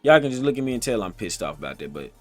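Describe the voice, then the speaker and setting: A man's voice: medium pitch, sing-song, very fast, darkish tone, soft background music. A man vlogging straight to his viewers in an emphatic, repetitive, streetwise way, with a streaming setup on his computer. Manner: colloquial, streetwise phrasing. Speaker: motivational vlogger. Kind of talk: casual direct-to-camera talk. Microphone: streaming setup, computer recording.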